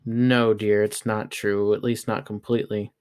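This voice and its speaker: A man's voice: lowish voice, flat delivery, normal speed, a little mellow, clear, resonant tone, close to an everyday voice. Man doing a stern, worn-out mom, clipped and firm. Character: exasperated mother scolding her daughter.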